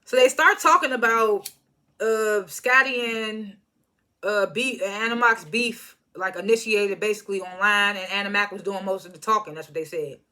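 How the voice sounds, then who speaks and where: Talking at a moderate pace in a bright, pushed mid-range voice, a reality show reviewer offers chatty recap commentary. She breaks into laughter often and does impressions of cast members.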